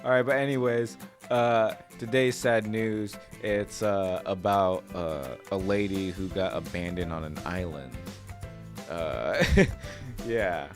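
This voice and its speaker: Young man, podcast host, lower voice, relaxed, filler-heavy, faint background music. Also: slow pace. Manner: relaxed, hesitant, many fillers. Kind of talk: casual podcast chat.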